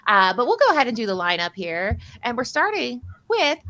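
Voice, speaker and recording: Casting: bubbly woman host, high-ish bright voice, rambling and jokey. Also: very animated. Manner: bubbly, rambling, quick to joke. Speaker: stream host and commentator. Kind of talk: casual chat on a live stream.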